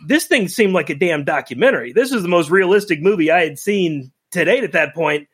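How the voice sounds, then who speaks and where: A middle-aged man telling a personal story in a casual podcast chat, animated and emotional, acting out quoted lines. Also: sits high, brisk, slightly rough. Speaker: podcast co-host.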